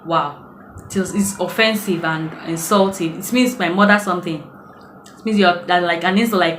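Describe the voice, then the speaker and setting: A woman's voice: on the low side, moderate pace, fairly bright tone, a little hiss or hum. Chatty Nigerian woman in echoey room. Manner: chatty storytelling, acts out quoted voices. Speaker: vlogger. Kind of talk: casual advice vlog.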